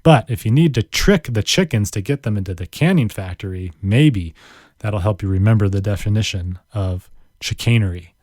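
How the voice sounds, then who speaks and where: A man's voice: on the low side, moderate pace, darkish tone, no echo, studio quality. A man hosting a solo vocabulary podcast, playful and chatty, drawing out words and joking at his own expense. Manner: playful, chatty, self-deprecating, draws out words. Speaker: podcast host. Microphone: studio microphone.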